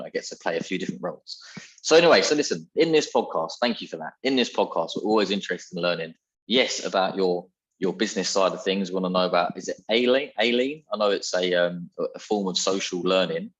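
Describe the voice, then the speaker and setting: A deep, husky-voiced man hosts a podcast interview over a video call, upbeat and chatty. His audio sounds slightly muffled and lo-fi. He talks effusively and keeps the conversation moving. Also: quick pace. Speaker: podcast host. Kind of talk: casual interview chat.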